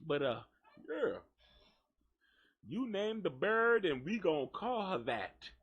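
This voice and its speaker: Slow, animated man hosting a gossip show. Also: high-pitched, husky, phone-quality sound. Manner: animated, profane, joking. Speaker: host. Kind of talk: live gossip radio talk.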